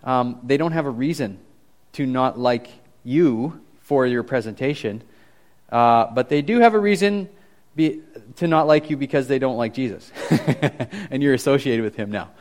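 A young man giving a casual, animated youth sermon, talking conversationally with frequent restarts. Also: mid-range voice, moderate pace. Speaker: youth pastor.

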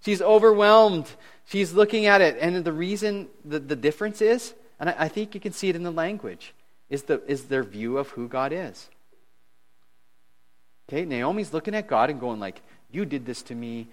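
Animated male pastor, conversational sermon. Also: on the high side, moderate pace. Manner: animated, swings from loud to hushed; chuckles at his own jokes.

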